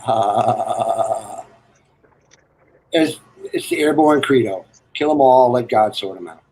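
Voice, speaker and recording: A man's voice: medium pitch, slow pace, a little mellow, a little hiss or hum, low-quality recording. A man telling rambling, crude military stories and jokes in casual chat, laughing at his own lines. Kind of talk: casual storytelling on a live stream.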